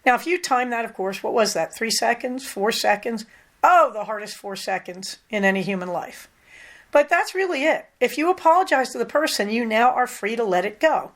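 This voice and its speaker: An older woman hosting a podcast, talking candidly in a casual, conversational monologue with lively emphasis. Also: fairly high pitch, normal speed. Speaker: podcast host.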